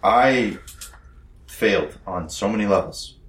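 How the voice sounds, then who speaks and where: A man voicing a guilt-ridden, tender young rebel fighter in a tabletop role-play, hesitant and soft, trailing toward whispers, in a roomy space. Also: fairly low pitch, expressive, takes it slowly. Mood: remorseful. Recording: roomy echo.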